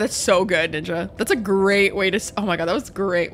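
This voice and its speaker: A woman streaming a game, chatting casually and profanely with her viewers and reacting quickly to chat. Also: mid-range voice, faint music behind. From Canada. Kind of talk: casual live-stream chat while gaming.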